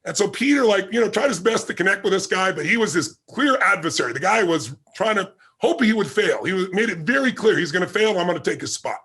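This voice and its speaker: A man's voice: sits high, lively intonation, fast, hardly any pauses, pushed and bright, husky. A man being interviewed as a guest, telling a story vividly and acting out the quoted dialogue. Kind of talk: animated anecdotal storytelling.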